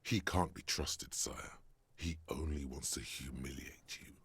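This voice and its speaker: An actor playing the deep, husky inner voice of a detective's mind, giving grave and insistent counsel. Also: male voice, measured pace, a bit bright, no room sound, exaggerated voice. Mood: grave urging.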